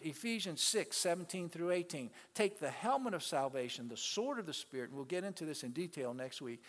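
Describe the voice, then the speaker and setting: A male pastor preaching a sermon to his congregation, swinging between loud, emphatic peaks and quiet asides and calling out to the people in the pews. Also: on the high side. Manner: calls out to the congregation. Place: church sanctuary. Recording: long reverb of a large hall.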